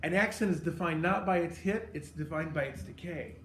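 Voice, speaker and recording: A man's voice: fairly high pitch, a little fast, fairly bright tone, slight background noise. A man teaching a conducting class, coaching a student with instructive, encouraging remarks and sung beats. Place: rehearsal room with a choir. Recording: roomy echo, music behind.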